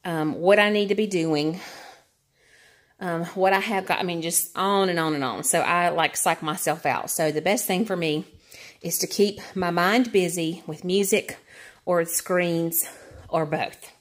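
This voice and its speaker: Her voice fairly low and a little slow, a woman vlogs from an exercise bike, talking openly to camera. She's a little out of breath and uses plenty of fillers.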